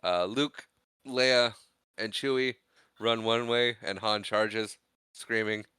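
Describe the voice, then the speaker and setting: A man with a lowish, bright voice chats through a movie recap. His tone is clean and crisp, and he keeps jumping into playful character voices. The sound is dry and close. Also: slow, dry recording. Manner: animated, acts out quotes in funny voices. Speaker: podcast co-host. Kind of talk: casual movie recap chat.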